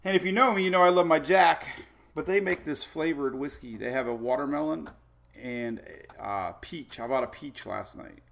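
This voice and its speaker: A man's voice: fairly high pitch, normal speed, vocal fry, a bit bright. A man hosting a casual live weather show, rambling and chatty with many fillers and frequent laughs.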